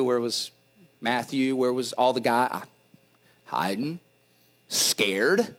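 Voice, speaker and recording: A middle-aged man pastor preaching a sermon, animated, often repeating and restarting words, with dad jokes. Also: medium pitch.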